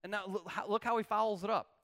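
Speaking fast in a high-pitched, steady, fairly bright voice, a pastor reads scripture aloud. He then preaches with mounting intensity and repeats key words to stress them.

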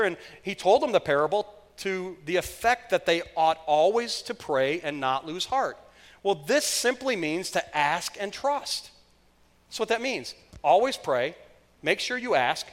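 A male pastor delivers a conversational sermon, pressing his points by repeating them. His voice sits a little high. The room adds a long reverberant tail. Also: a bit bright. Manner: conversational, emphatic, repeats phrases. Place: church sanctuary.

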